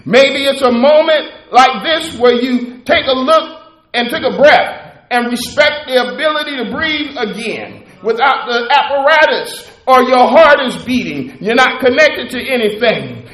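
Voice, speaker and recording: A man preaching a Christmas sermon with a preacher's cadence, lifting into shouts and half-sung phrases. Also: very high-pitched, animated, unhurried, roomy sound, rough recording.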